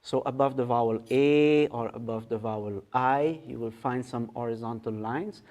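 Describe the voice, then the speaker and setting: A man teaching in a meditation hall, patiently explaining how to pronounce a mantra step by step and chanting its words slowly. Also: mid-range voice, a little mellow, dull audio. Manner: patient, explains step by step, often checks in with "okay?". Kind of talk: guided mantra pronunciation lesson.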